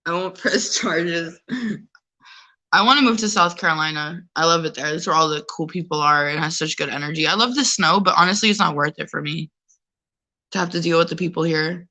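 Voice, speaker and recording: A woman from New York City chatting casually as a caller, rambling and animated. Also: lowish voice. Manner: rambling, animated, acts out other people's voices. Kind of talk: casual chat.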